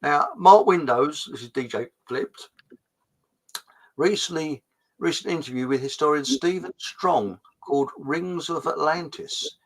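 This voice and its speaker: A rambling man hosts a casual online chat show. His voice sits slightly high and comes across bright and forceful. He stumbles through restarts and fillers as he drifts from one thought to the next. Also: creaky, husky, rough recording. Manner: rambling, hesitant, full of ums and restarts. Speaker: host.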